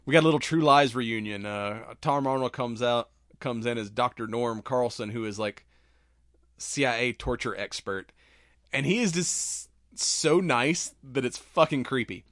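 A man's voice: medium pitch, measured pace, a bit bright, no room sound, clean studio sound. A man co-hosting a podcast in casual chat, who speaks crudely, swears a lot and laughs often while retelling scenes. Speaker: podcast co-host.

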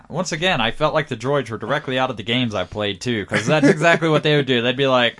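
A man's voice: mid-range voice, lively intonation, moderate pace, fairly bright tone. A man chatting casually on a podcast with a wry manner. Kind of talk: casual chat.

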